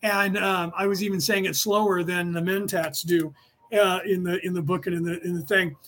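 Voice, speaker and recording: A middle-aged man from the San Francisco Bay Area with a notably high voice for a man, racing through a casual spiritual class. His delivery is rapid and rambling, leaping from one thought to the next with restless energy as he hosts his podcast. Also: steady tone, a bit bright. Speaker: podcast host teaching a class.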